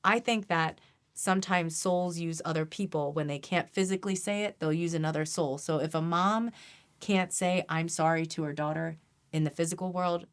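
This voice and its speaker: A woman's voice: on the low side, moderate pace. A woman guest on an interview, talking about energy healing in an earnest, emphatic, persuading way. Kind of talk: conversational interview.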